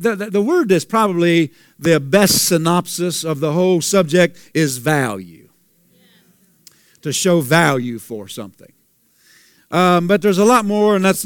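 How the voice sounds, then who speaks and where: Pastor guy preaching, highish voice, dry close sound, keeps repeating himself for emphasis. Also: smooth, no echo. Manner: preachy, asks the congregation questions, repeats for emphasis. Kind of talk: sermon.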